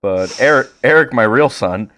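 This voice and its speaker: A man of average pitch co-hosts a casual podcast and tells crude, swearing stories. He gets animated and jumps into high, loud impressions of people in his anecdotes. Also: normal speed. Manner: profane, animated storyteller doing high impressions. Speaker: podcast co-host.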